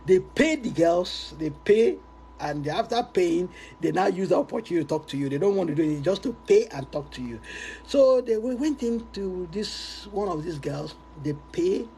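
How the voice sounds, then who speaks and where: A male preacher telling an animated, laughing story in a sermon. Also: sits high, moderate pace, gravelly, a little hiss or hum, rough recording.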